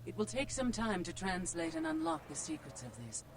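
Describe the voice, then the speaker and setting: An actor playing a cold, secretive male vampire dealer in a game, measured and aloof. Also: high voice, wildly swooping pitch, creaky, exaggerated voice. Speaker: game character. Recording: game audio with background noise.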